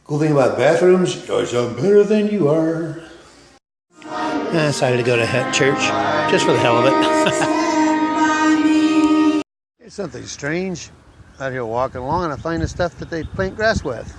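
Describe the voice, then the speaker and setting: A man's voice: a little high, animated, moderate pace, loud music behind the voice. A man vlogging on a hike who rambles in a folksy, joking way while walking through woods and country roads. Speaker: hiking vlogger. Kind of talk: casual joke-telling vlog.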